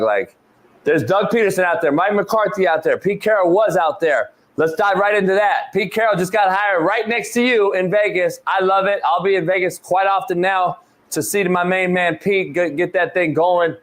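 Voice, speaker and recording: Excitable, profane man hosting sports talk. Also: sits high. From California. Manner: excitable, profane, trash-talking. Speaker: host.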